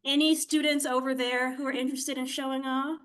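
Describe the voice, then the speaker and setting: A woman's voice: high-pitched, flat delivery, a bit bright. A woman participant casually reading her own comic, chatty and playing the characters briefly. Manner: chatty, uses "like" and quick character voices. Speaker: workshop participant.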